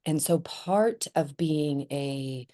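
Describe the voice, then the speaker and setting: A middle-aged woman with a low voice gives a loose, unscripted spiritual talk. Her tone is mellow and soft-edged. She thinks aloud as she goes, wandering between ideas with fillers and restarts. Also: slow pace. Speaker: spiritual teacher. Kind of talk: spontaneous spoken teaching.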